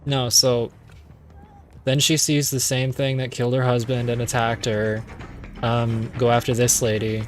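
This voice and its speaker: Man streaming a game, casual commentary, rambling and playful, lots of fillers, mid-range pitch. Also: level tone, unhurried, music in the background.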